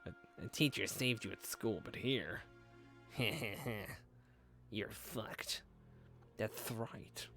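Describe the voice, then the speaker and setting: A man's voice: fairly low pitch, very slow, long pauses, fairly bright tone, faint music behind, full character voice. A man voicing a crude, vulgar teenage thug in a game, jeering at a victim.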